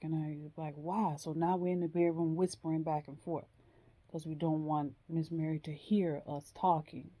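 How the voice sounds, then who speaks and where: A woman telling a personal story in a slow, hesitant way, with frequent pauses and ums. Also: deep voice, level tone, warm tone. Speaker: vlogger.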